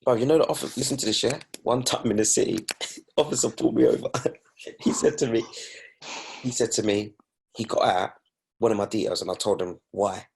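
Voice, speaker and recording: A young man speaks in a low, gravelly voice with a husky edge. He tells his stories emphatically and sounds indignant. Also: fairly quick, long pauses, a little mellow. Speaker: guest DJ. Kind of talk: casual chat.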